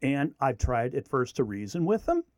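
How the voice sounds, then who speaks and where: A man's voice: mid-range voice, moderate pace, no room sound. A man teaching a Bible study lesson, telling the story with feeling and acting out the quoted lines. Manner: animated storyteller who acts out quoted lines.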